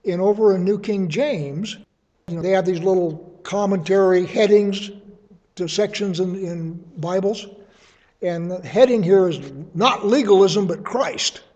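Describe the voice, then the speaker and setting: High-voiced man teaching scripture. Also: a little mellow. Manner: conversational, explains with homely examples. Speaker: Bible teacher. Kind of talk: sermon.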